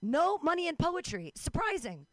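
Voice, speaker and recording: A young adult woman doing a wry, self-mocking stand-up set out in the street, with quick asides and put-on voices. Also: extremely high pitch, big pitch swings, a bit bright, no room sound. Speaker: stand-up comic. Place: street outdoors.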